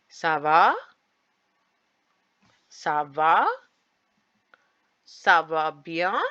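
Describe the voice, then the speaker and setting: A woman teacher giving a recorded French lesson, speaking slowly and deliberately and repeating each phrase with its translation. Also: on the high side, pushed and bright, dry recording. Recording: dull lo-fi, dry.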